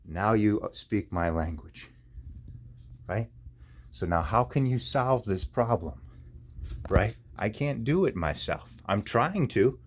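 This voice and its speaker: Man in chronic pain, slightly low voice, angry profane rant to camera, repeats himself. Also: expressive, slow pace, long pauses. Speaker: video maker. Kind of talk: angry ranting monologue.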